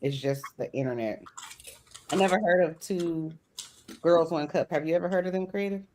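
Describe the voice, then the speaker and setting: Low-voiced woman chatting on stream. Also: moderate pace, a little mellow, slight background noise. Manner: chatty, rambling, laughs easily. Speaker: stream host. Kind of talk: casual chat reacting to a video.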